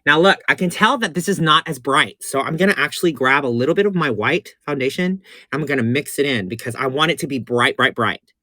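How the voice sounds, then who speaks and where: Sassy excitable man, bright edge. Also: fairly quick, no room sound. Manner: sassy, excitable, swoops between chirpy highs and low purrs; repeats instructions emphatically. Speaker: drag performer doing a makeup tutorial. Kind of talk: live-stream makeup tutorial.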